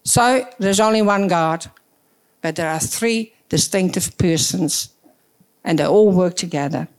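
A woman's voice: on the low side, unhurried. A woman on a church panel, earnestly explaining scripture and quoting verses.

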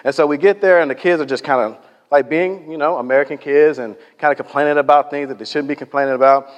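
A man's voice: on the high side, fairly even intonation, fast talker. A man preaching a sermon in a conversational, storytelling way, acting out the people he quotes. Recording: echoey hall reverb.

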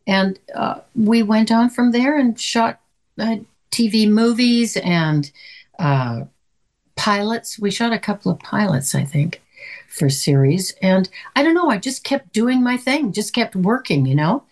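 An older woman from Canada, an actress guest chatting in an interview and telling lively stories with quoted voices. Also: medium pitch, a little slow. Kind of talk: conversational interview.

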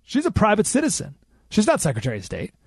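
A man hosting a political talk radio show, emphatic and animated, repeating points for effect, in a studio. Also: high voice, fast, gravelly, husky, dry recording. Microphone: studio microphone.

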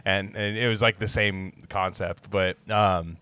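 A man's voice: low-pitched, steady tone, bright, forceful tone, smooth. A young man co-hosting a casual podcast, rambling and swearing, often breaking into mocking impressions of people. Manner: rambling, profane, quick to slip into mocking impressions. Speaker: podcast co-host.

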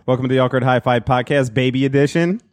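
A man's voice: mid-range voice, fast talker, no echo. A man in his thirties hosting a casual podcast in a studio, joking and rambling with friends and laughing often. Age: 30s. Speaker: podcast host. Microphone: studio microphone.

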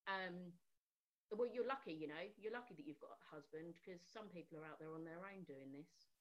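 A woman's voice: lowish voice, a little fast, lo-fi sound. A woman in her thirties telling a personal story about her son and acting out the people she quotes. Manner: animated, acts out quoted voices. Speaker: parent guest.

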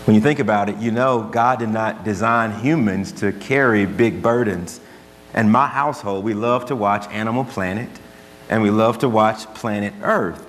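A pastor with a lowish voice preaches a sermon at a moderate pace, earnest and conversational, using stories to drive his points home. The recording carries a long hall reverb and a faint hum.

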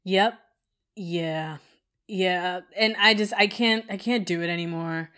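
A woman's voice: lowish voice, slow pace, pushed and bright. Rambling, frustrated woman podcaster. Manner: rambling, frequent "like" fillers, frustrated. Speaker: podcast co-host. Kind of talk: casual podcast chat.

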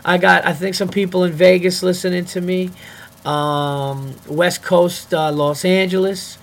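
A man's voice: high-pitched, steady tone, unhurried, gravelly. A young man hosting his own podcast, talking alone in a goofy, rambling way and swearing freely. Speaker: comedian podcast host. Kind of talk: casual solo podcast monologue.

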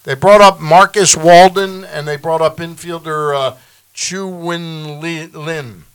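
A man's voice: a little high, steady tone, slow, clean tone, no echo. A man hosting sports talk radio from a studio, a chatty storyteller who laughs along as he talks. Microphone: studio mic.

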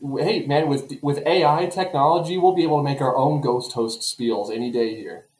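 A man co-hosting a casual chat, explaining details in a relaxed, joking way. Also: mid-range voice, brisk, echoey room, rough recording. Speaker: podcast co-host. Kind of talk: casual chat about theme park rides.

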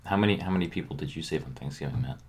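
Male co-host with a very low voice, dry deadpan humor, casual podcast chat. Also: racing, husky.

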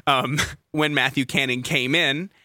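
A young man from Georgia, a tour guide, telling stories in a lively, playful way, with a toned-down Southern accent. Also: medium pitch, a little slow, no room sound, studio quality. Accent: neutralized Southern US. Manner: animated, playful, acts out quoted voices. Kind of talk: casual storytelling chat.

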